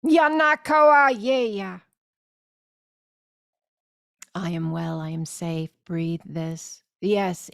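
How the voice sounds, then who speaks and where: A woman leading a spiritual course, speaking deliberately and soothingly with loud gasping inhales and repeated phrases. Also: lowish voice, vocal fry, no room sound, studio quality. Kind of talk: slow guided spiritual teaching.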